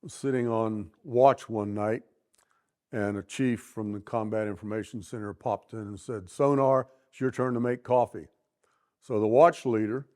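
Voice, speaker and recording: Navy vet guy telling a story, steady and matter of fact. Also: on the low side. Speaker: Navy veteran. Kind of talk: storytelling interview.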